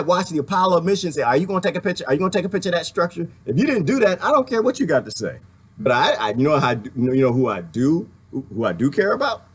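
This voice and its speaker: A man's voice: high-pitched, breathy edge. A man delivering a rambling, heated and sarcastic monologue as a video commentator, laughing now and then between points. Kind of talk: ranting monologue.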